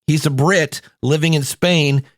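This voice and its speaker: A man's voice: a little high, steady tone, a little slow, dry recording, clean studio sound. A man from Ohio with a Midwestern American accent, hosting a podcast and talking about accents in a chatty, informal way. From Ohio, USA. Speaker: podcast coach and host. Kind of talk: upbeat podcast talk.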